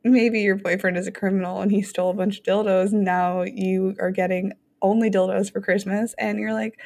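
A woman co-hosting a podcast in casual chat, animated and joking, with frequent swearing. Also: mid-range voice, moderate pace, gravelly, few pauses. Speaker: podcast co-host.

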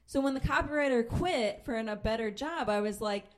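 Woman comedian, thirties, from Pennsylvania, animated storytelling, swears a lot, slightly high voice. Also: brisk, hardly any pauses. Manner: animated, acts out quoted voices, swears freely.

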